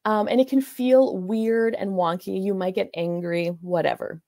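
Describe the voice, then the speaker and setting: A woman's voice: mid-range voice, steady tone, moderate pace, dark tone. A woman coach casually recounting a client's story in a loose, meandering way, full of restarts and "like"s. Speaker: life coach.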